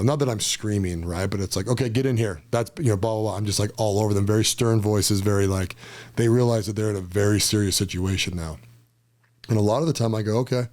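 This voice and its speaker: A middle-aged man with a somewhat low voice talks in a relaxed podcast chat. He gets emphatic and animated as he tells his stories. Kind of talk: casual podcast conversation.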